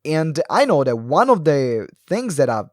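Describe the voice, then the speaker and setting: A man hosting a solo live video talk for entrepreneurs, animated and fast-talking, swinging his pitch and pace, with many ums and uhs. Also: dry recording, studio quality. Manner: animated, varies pace and pitch with frequent fillers. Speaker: podcast host. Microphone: close mic, live video stream.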